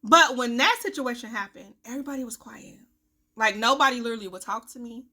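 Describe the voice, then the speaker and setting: A young woman vents into the camera in a blunt, profane vlog. Her voice is bright and a little high, and it swings from loud outbursts to low muttering. She coughs now and then. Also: brisk. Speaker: vlogger, self-styled life coach. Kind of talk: candid talking-to-camera vlog.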